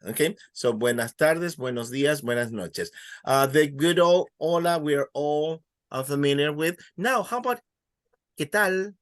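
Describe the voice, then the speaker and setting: A man's voice: a little high, lively intonation, moderate pace, no room sound, studio quality. A man teaching a beginner Spanish class, counting students in and praising their answers. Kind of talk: classroom language lesson.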